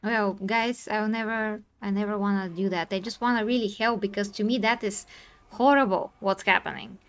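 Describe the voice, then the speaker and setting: A woman streamer in a live discussion, earnest and insistent, explaining herself and quick to apologize. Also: medium pitch, steady tone, a bit bright, clear, resonant tone. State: tired from talking.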